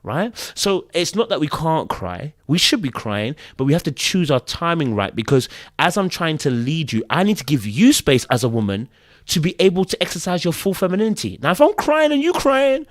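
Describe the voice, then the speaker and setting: A man's voice: a little high, moderate pace, dry recording, clean studio sound. A man co-hosting a podcast, chatting animatedly and acting out little voices as he argues his point. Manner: animated, acts out little voices, repeats words. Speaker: podcast co-host. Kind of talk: casual commentary chat.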